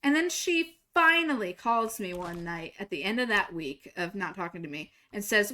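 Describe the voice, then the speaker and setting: A young woman streaming a game, telling a personal story in a casual, animated way and jumping higher to act out quoted lines. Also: normal speed, hardly any pauses, a little hiss or hum. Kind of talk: casual storytelling while gaming.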